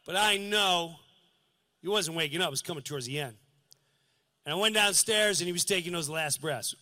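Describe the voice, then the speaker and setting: A male comedian on a live stage, telling a story with earnest, preachy passion and acting out scenes with sudden shouts. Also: fairly high pitch, moderate pace. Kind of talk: stand-up comedy.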